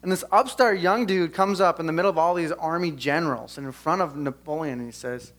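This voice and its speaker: Earnest young male pastor, slightly high voice. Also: fairly quick, few pauses. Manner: earnest, conversational preaching with casual asides. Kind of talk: sermon and closing prayer. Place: church service. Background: soft guitar music.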